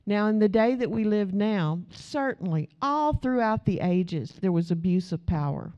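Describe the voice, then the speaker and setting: A woman's voice: medium pitch, animated, normal speed, few pauses, dull audio. A middle-aged woman preaching a sermon in a conversational way, asking the audience questions.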